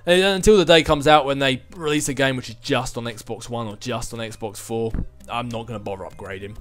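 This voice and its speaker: A man's voice: mid-range voice, steady tone, a little fast, a bit bright, soft background music. A man hosting his own gaming channel, answering viewer questions in a casual, chatty way and chuckling between thoughts.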